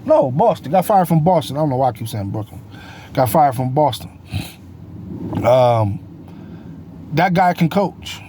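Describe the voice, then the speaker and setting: A man's voice: on the high side, big pitch swings, measured pace, long pauses, noisy background. A man giving casual solo sports talk as a host, rambling and correcting himself with many fillers.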